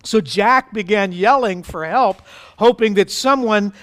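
High, smooth-voiced male pastor preaching. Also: unhurried, a bit bright. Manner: emphatic, fervent preaching. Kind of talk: sermon and prayer.

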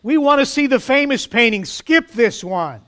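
A man voicing an impatient bidder who shouts angrily at an auction. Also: very high-pitched, expressive, moderate pace, clear, resonant tone, voice pushed up. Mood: angry. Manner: shouting, demanding. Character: angry impatient male bidder in a crowd.

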